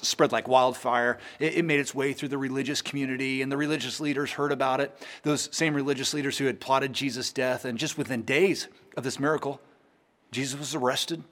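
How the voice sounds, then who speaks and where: A man preaching a sermon in a conversational way, with frequent word repeats, who swings between soaring emphatic peaks and hushed lows.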